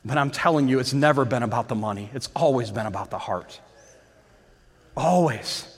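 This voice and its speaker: A man's voice: medium pitch, normal speed, breathy edge, long reverb tail. A male pastor preaching a sermon with fervour, repeating phrases and asking the congregation questions.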